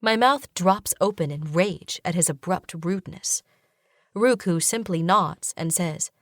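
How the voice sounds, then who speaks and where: A woman giving steady, measured first-person narration of a romantasy audiobook. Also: lowish voice, dry recording, clean studio sound.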